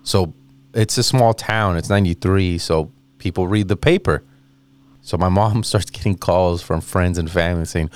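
A man in his thirties, a comedian guest, telling a rambling, animated story and acting out the voices of people in it. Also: low voice, normal speed, clean tone, dry recording. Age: 30s. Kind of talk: casual storytelling anecdote.

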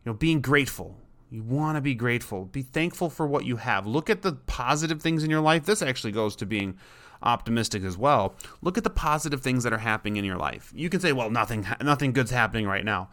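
A man's voice: mid-range voice, expressive, brisk, fairly bright tone. A man hosting a podcast, talking casually and rambling, often repeating words and voicing his dog in short asides. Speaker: podcast host.

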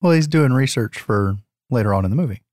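A man's voice: medium pitch, animated, fast, a little mellow, no room sound, clean studio sound. A man co-hosting a casual movie chat, mostly agreeing in short lines with wry jokes. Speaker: podcast co-host.

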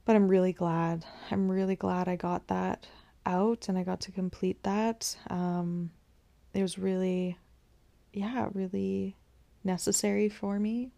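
A young woman hosting a podcast, telling a personal story in a soft, reflective way, with many pauses and repeated phrases. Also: mid-range voice, fairly even intonation, vocal fry. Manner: slow, soft-spoken and reflective, many "um"s and repetitions. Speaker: podcast host.

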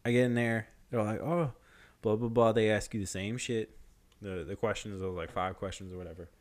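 A young man telling a story in casual chat, slangy, swearing a lot and animated. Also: lowish voice, fairly quick.

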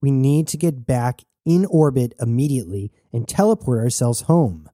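A man's voice: mid-range voice, expressive, moderate pace, dark tone, no echo, studio quality, lightly acted. A man putting on a tough, guarded spacewoman. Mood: pressing, defensive.

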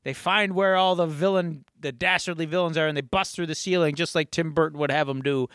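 Chatty man recapping with a smooth voice. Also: a little high, brisk, dry recording, clean studio sound. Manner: rambling, animated storyteller. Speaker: podcast co-host. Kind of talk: casual chat, retelling an episode.

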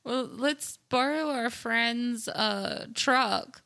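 A woman reading out strange news stories on a casual comedy podcast and laughing easily between lines. She talks at a slow, unhurried pace in a slightly high, bright voice. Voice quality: giggly, laughs often.

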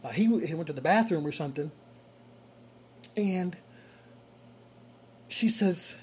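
A rideshare driver telling a story in casual monologue, animated and repeating phrases for emphasis. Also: mid-range voice, measured pace, long pauses, a little hiss or hum.

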